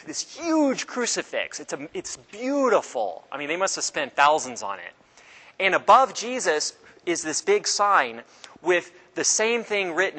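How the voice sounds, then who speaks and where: Bright-voiced man giving a casual lecture. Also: a little high, low-quality recording. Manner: casual, halting, with many fillers and restarts. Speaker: teacher. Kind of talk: informal classroom lecture.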